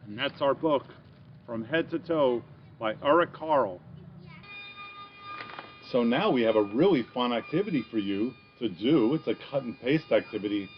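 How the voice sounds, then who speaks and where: Male children's science host, mid-pitched, patient and encouraging, slightly lo-fi recording. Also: expressive. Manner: encouraging, speaking slowly and plainly to young kids. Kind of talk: reading aloud and teaching a craft activity to children. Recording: slightly dull recording with faint background noise.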